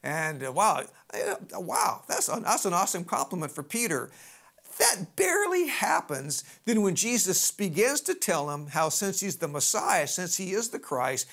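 Animated conversational preacher. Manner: animated storytelling with sidebars and big pitch swings; conversational, folksy asides. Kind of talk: sermon.

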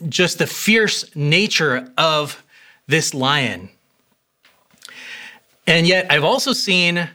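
A man's voice: fairly high pitch, bright, forceful tone. A man preaching a sermon as pastor, earnest and conversational, with a few fillers.

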